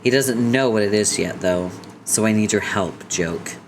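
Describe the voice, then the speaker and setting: A man's voice: lowish voice, moderate pace, a little hiss or hum, natural voice. A man voicing a brash, arrogant teenage troll girl who talks bluntly and bosses others around. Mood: bossy. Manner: bossy, blunt.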